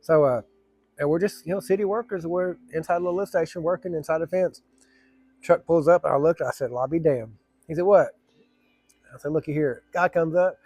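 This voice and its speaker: A man's voice: on the high side, steady tone, quick pace, darkish tone, no echo. Rambling man telling a story. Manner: rambling, colloquial and profane. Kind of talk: casual anecdote telling.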